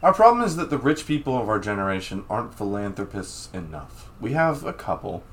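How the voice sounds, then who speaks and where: A man's voice: on the low side, very animated, brisk, fairly bright tone. A man co-hosting a casual chat. He muses in a laid-back way, laughs often and swears.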